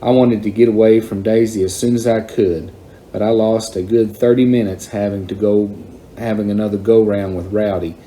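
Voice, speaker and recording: A man reading a chapter of a novel aloud in plain, unhurried first-person storytelling. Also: fairly low pitch, fairly even intonation, warm tone, slight background noise.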